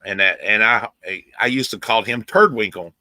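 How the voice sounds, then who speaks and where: A man with a bright, forceful voice tells a rambling story on a group call, doubling back and repeating words as he goes. His voice sounds dry and close. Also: fairly low pitch, normal speed, no room sound. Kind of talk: casual group chat.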